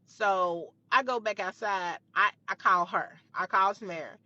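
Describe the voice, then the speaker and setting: A young woman recounts a story from her own life in a bright, forceful voice. She talks emphatically, swears freely and circles back over the same phrases. The recording is dry and a little dull. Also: medium pitch, measured pace, no echo. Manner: emphatic, profane, repeats phrases. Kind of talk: storytime retelling.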